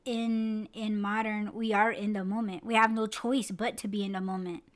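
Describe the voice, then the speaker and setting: A woman's voice: mid-range voice, little pitch movement, moderate pace. A woman podcast host in casual chat, rambling with lots of fillers and swearing freely. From United States.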